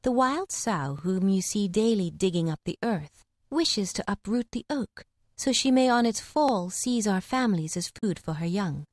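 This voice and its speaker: A woman voices a cunning, scheming cat in an animated, mid-range voice with a darkish tone, speaking at normal speed. Her voice sounds natural, and the recording is dry and studio-clean.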